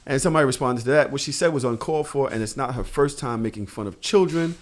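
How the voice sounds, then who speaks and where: A man hosting a casual podcast, reading comments aloud in a halting way. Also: medium pitch. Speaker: podcast host.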